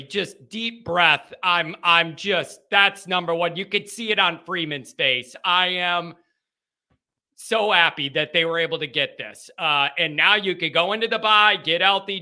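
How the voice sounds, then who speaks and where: A man's voice: high-pitched, measured pace, sharp tone. A man hosting a postgame call-in show, talking emotionally and repeating himself. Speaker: fan show host.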